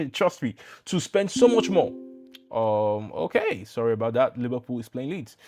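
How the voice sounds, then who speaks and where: A man's voice: on the high side, darkish tone. A man talking to camera as a YouTube growth coach in a business explainer, casual and emphatic, with blunt asides.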